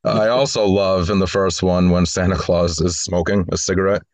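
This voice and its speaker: Deep-voiced man in relaxed film chat. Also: normal speed, no room sound. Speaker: podcast co-host.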